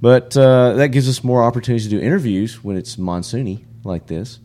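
A man's voice: mid-range voice, a little fast, mellow. A man hosting a podcast, introducing guests in easygoing casual chat. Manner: easygoing, laughs along. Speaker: podcast host.

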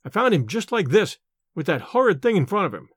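A man's voice: high voice, very animated, brisk, a bit bright, husky, dry recording, studio quality, full character voice. A man reading an audiobook and voicing a nervous young male student who speaks in a raised, agitated way. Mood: fretful. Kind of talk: audiobook character voice.

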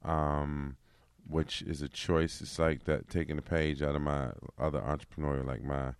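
A man's voice: rumbling low, level tone, moderate pace, vocal fry, clear, resonant tone, no room sound. A man from New York, a guest actor talking expansively in a casual podcast conversation, with lots of "you know.". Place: podcast booth.

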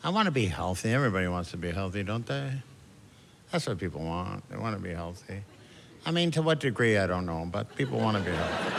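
This middle-aged stand-up has a fairly low, gravelly voice that swings widely in pitch, and he talks quickly. Onstage at a comedy club, he is chatty and self-mocking and bursts into shouted character voices. The live recording carries audience noise.

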